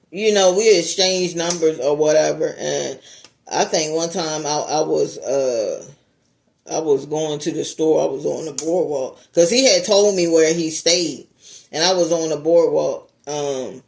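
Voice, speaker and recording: A woman YouTuber telling a casual story time, animated, laughing and swearing as she talks straight to her viewers. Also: deep voice, slow pace, vocal fry.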